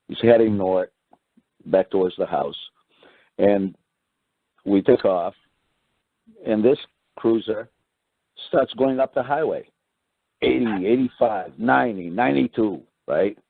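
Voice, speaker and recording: A man casually telling a story, acting out what others said in a higher voice and often adding "right?" and clearing his throat. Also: dry recording. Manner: animated retelling, acts out quoted voices higher, keeps adding "right?". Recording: dry tinny phone-line sound.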